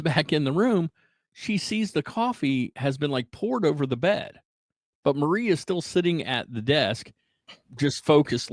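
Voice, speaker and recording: A man's voice: fairly high pitch, no room sound, poor audio. Man retelling a creepy story, dry sound. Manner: animated retelling, frequent "right?" and "like". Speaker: podcast host. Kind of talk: casual storytelling.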